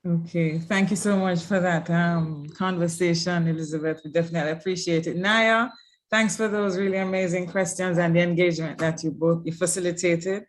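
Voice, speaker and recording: A woman moderates an online panel with friendly briskness, thanking the speakers and inviting questions. Her voice is somewhat low. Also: steady tone.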